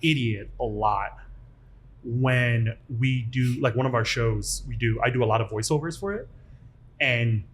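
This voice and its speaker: A man in his thirties hosts a casual podcast chat. He tells his stories with animated energy and pokes fun at himself. His voice sits at an ordinary middle pitch. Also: measured pace. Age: 30s. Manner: animated, self-deprecating storyteller. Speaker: podcast host.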